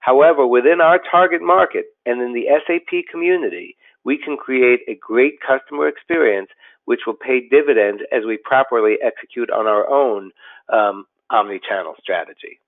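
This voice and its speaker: A man, a company president, giving a scripted business webinar in a steady, explanatory way with occasional fillers and restarts. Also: mid-range voice, normal speed. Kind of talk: scripted webinar presentation over slides. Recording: tinny phone-like audio.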